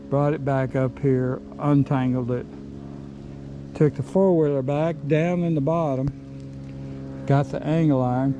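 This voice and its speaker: A middle-aged vlogger, out of breath, rambles plainly while working outdoors in the woods, pausing and restarting as he goes in this casual work vlog. His voice is mid-range and warm, with slight background noise and poor audio.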